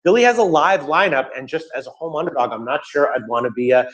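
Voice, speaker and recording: A man's voice: fairly high pitch, lively intonation, quick pace, fairly bright tone, muffled recording. A young man giving sports betting picks in casual chat, rambling with restarts and joking asides.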